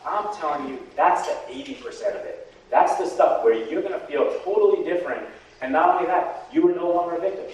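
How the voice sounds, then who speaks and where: Man, guest speaker, animated, keeps asking "okay?", distant mic, echoey hall. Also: mid-range voice. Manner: animated, repeats "okay?" to the audience. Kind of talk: talk to a patient support group.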